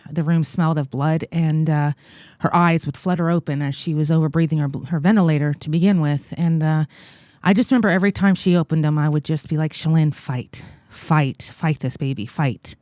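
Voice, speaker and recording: An American woman in her forties, a guest in an interview, telling a personal story in a halting, earnest way with many fillers. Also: deep voice, fairly even intonation, warm tone, no echo, clean studio sound. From United States. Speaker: guest, congressional candidate.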